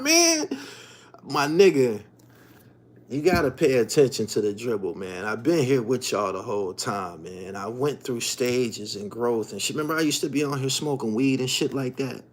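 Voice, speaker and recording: Animated streetwise man ranting to viewers. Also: moderate pace. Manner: emphatic, streetwise slang, swinging from low mutters to loud outbursts. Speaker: channel host. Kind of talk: animated profane monologue to viewers.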